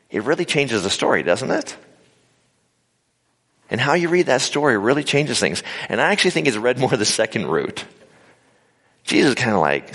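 A man delivers a conversational sermon to a live audience in a large hall, acting out quotes and tossing in humorous asides. His gravelly, fairly bright voice sits lowish, swings widely in pitch, and moves fairly quickly, all captured live in the reverberant space.

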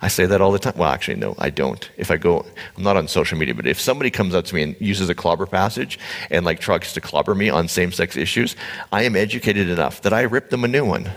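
A man preaching a conversational sermon, animated, blunt and joking with his congregation. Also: low-pitched, fast talker, vocal fry. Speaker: pastor. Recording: echoey hall reverb.

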